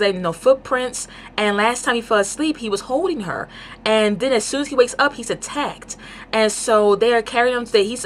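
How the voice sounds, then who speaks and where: A woman reviews a book casually, rambling with excitement and filling her speech with lots of fillers. Her voice sits in the mid range, and there's a slight hiss or hum in the background.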